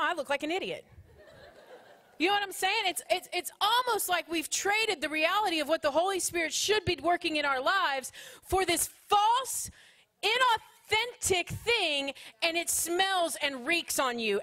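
A woman speaker in her thirties delivers a sermon to a conference crowd. Her voice sits high, and she moves between playful jokes and earnest exhortation. Her talk is full of Southern phrasing. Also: normal speed. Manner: animated, joking preaching with Southern phrasing.

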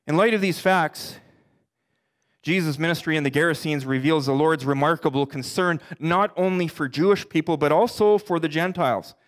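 A middle-aged pastor preaching a sermon earnestly, his voice climbing for emphasis and sinking low for the darker points. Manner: earnest preaching, rising and dropping in pitch for emphasis; quotes scripture in slow deliberate voice.

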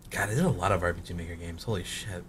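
A man's voice: low-pitched, rapid-fire, slight background noise. A man in his late twenties with a cracking voice, a gaming creator rambling and swearing through casual commentary on his old videos. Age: late 20s. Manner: rambling, swears a lot, self-mocking.

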